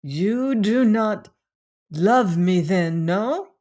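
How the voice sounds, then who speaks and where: A woman's voice: medium pitch, lively intonation, extremely slow, mellow. A woman reader voicing a proud, heartbroken young woman in an audiobook. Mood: pleading. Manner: pleading, then fiercely proud. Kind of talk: audiobook character reading.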